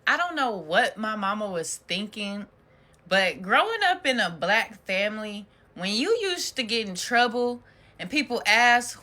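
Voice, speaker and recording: A woman telling a comedic story in an animated, brash way, swearing freely. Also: on the high side, moderate pace. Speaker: content creator.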